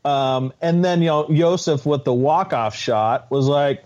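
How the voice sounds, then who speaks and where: A man co-hosting a podcast, talking in a halting, restarting way about a reality show episode. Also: on the high side, darkish tone. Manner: halting, many restarts and fillers. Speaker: podcast co-host. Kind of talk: casual chat. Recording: dull, muffled audio.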